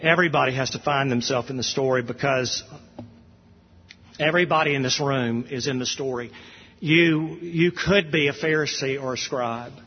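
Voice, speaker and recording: A man's voice: mid-range voice, normal speed, slightly rough. A man preaching a sermon in a church during worship, talking conversationally and poking fun at himself, with many restarts. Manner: conversational, self-deprecating, with frequent restarts. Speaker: pastor. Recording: dull sound with long hall reverb.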